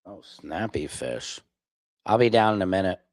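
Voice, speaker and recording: On a dry recording, a low-pitched man from Minneapolis runs a livestream, responding to clips and chat in a casual, combative way. His intonation is lively, his pace moderate and his tone a little mellow.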